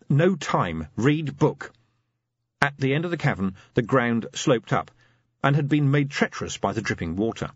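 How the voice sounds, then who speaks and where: Husky male audiobook narrator, lively delivery, dry and slightly dull recording. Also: mid-range voice, dry recording. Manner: lively, expressive storytelling. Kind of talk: scripted narration.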